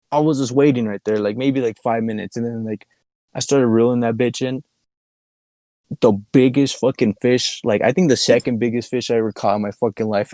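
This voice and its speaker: On a podcast microphone with no room sound, a young man with a medium-pitched, darkish voice co-hosts the show. He tells a long, wandering story in casual chat, swearing a great deal and laughing often.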